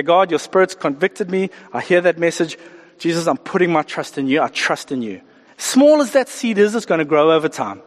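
A man preaches a lively sermon, acting out little voices for the people he talks about. His voice sits a little high for a man. The sound trails off in the long echo of a church hall. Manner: animated, acts out voices of people and God. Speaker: pastor.

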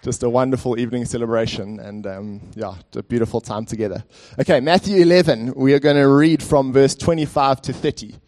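A man's voice: mid-range voice, fairly even intonation, fairly quick, hardly any pauses, darkish tone. A man preaching a sermon as pastor in a church, conversational and speaking directly to the congregation with frequent fillers.

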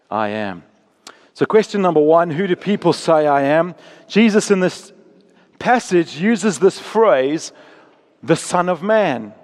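A man preaching a sermon, reading scripture aloud and explaining it in a conversational way, often dropping to a slow, hushed tone on solemn words. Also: a little high, in a large hall.

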